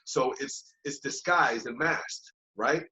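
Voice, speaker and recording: A man's voice: mid-range voice, slow pace. A man guest chatting casually and reflectively, looping back with "you know what I mean" and acting out his old thoughts in quoted voices. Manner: loose and repetitive, often asks "you know what I mean"; acts out his own past thoughts in lively quoted voices. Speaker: podcast guest, yoga teacher. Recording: dull lo-fi podcast recording.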